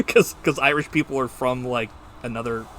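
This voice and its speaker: A young man in casual podcast talk, swearing freely and acting out movie lines as he retells them. His voice sits at an ordinary pitch. A faint hiss runs under the recording. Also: moderate pace. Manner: profane, animated retelling of scenes. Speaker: podcast co-host.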